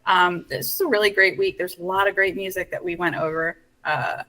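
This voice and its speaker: A woman's voice: fairly low pitch, fairly even intonation, brisk, sharp tone, poor audio. A woman co-hosting a casual fan live stream, joking around and swearing freely. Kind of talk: casual chat.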